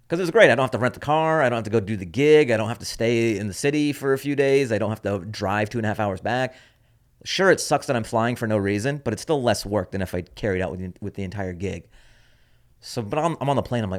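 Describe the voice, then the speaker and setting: A man's voice: fairly low pitch, a little fast. A man hosting his own comedy podcast, telling a story in a wry, offhand, rambling way. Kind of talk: casual rambling monologue.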